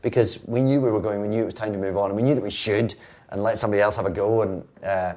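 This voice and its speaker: Scottish male guest, low pitch, fast talker, wry and reflective, casual interview. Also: steady tone, a little mellow. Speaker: guest actor.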